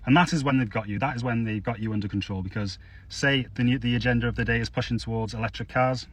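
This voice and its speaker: A man's voice: medium pitch, steady tone, fast talker, a bit bright, low-quality recording. A man delivering an angry social media rant, heated, sarcastic and insistent.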